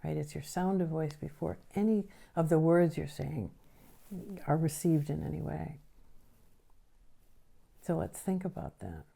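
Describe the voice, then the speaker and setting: Low gravelly-voiced woman teacher. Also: expressive, a little slow, pauses often, warm tone. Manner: explanatory, often checks in with a tag question. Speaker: nervous system educator. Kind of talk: teaching a recorded lesson.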